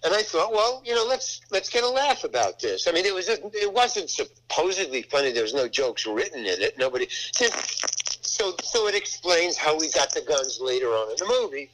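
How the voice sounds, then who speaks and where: A man's voice: fairly high pitch, normal speed, rough recording. An older man casually telling a rambling anecdote about a film set, acting out the voices in it. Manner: rambling, animated, acts out voices in his story. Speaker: actor telling a set story.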